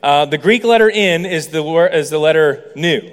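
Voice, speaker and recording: A man's voice: a little high, normal speed, long reverb tail. A man preaching a sermon as a pastor, explaining points with playful asides to the congregation. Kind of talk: sermon teaching.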